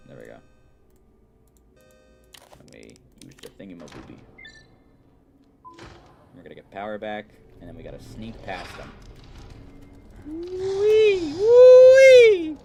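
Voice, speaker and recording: A man's voice: extremely low pitch, moderate pace, vocal fry, pauses often, muffled recording, music in the background. A man giving casual, chatty game commentary, explaining his strategy with playful asides. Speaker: gaming streamer. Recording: steady background noise.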